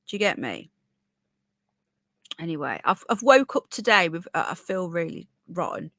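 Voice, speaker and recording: A woman's voice: lowish voice, sing-song, moderate pace, fairly bright tone, dry recording. A woman hosting a casual livestream, with a sore throat, chatting opinionatedly and reading out viewer comments. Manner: chatty, opinionated, rambling with restarts. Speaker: livestream host.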